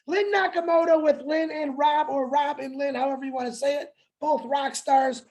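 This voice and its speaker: A man co-hosting a livestream, excitable and joking, bursting into shouts. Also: very high-pitched, moderate pace. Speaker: co-host. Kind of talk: hyped livestream chat.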